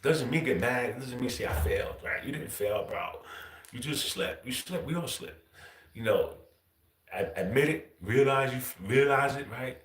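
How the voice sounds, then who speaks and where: A man's voice: medium pitch, normal speed. Casual man saying "bro" constantly, echoey. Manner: loose, profane, says "bro" constantly, chuckles often. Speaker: livestream host. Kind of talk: casual livestream monologue.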